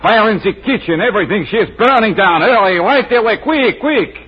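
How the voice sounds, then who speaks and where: A man's voice: high voice, lively intonation, a little fast, a little hiss or hum, pitched above the performer's own voice. An actor putting on a fake French accent to play a panicky male chef phoning in a kitchen fire, in a 1940s radio drama. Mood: frantic. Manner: frantic, urgent. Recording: muffled 1940s radio recording.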